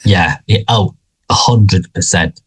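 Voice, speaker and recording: A man's voice: deep voice, takes it slowly, breathy edge. A man co-hosting a casual podcast, talking with lots of fillers, restarts and hesitations. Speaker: podcast co-host.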